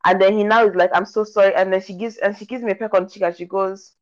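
A woman's voice: medium pitch, fast, lo-fi sound. A woman co-hosting a casual podcast, animatedly retelling and acting out movie scenes. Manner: animated storytelling, acts out scenes. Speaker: podcast co-host. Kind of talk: casual movie review chat.

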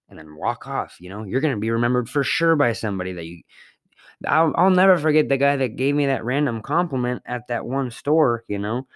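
A man with a fairly low voice hosts a podcast on his own, rambling casually from home. He drops fillers and the occasional curse. The sound is dry and close, with no room echo. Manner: rambling, conversational, with fillers and mild swearing. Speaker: podcast host. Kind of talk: casual solo podcast monologue. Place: apartment.

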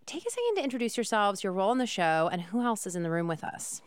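A woman's voice: medium pitch, very animated, fast, clear, resonant tone, no room sound. A woman hosting an upbeat podcast interview, enthusiastic and chatty. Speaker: podcast host.

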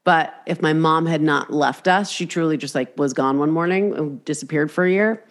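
Her voice is deep and her pace normal as she hosts a casual podcast chat full of free swearing. Rambling along and restarting sentences partway, she tells stories animatedly and performs the inner voices herself.

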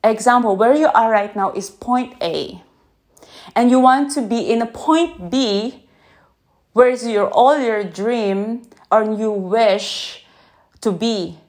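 A woman who is not a native English speaker, talking slowly and gently in an unscripted podcast recorded on her phone, often checking in with "yeah?". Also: on the high side. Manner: slow, gentle, reflective, asks listeners "yeah?". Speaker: podcast host. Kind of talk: unscripted reflective podcast talk.

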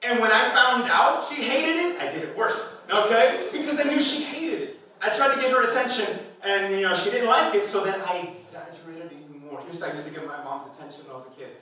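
A man in his thirties preaches in a playful, chatty way, tossing rhetorical questions at his listeners. His voice sits very high and bright. It rings through a large echoing hall, heard from a step back from the mic. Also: brisk, few pauses, distant mic, slight background noise. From Hispanic background. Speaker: pastor. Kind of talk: sermon. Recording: echoey hall, speaker off-mic.

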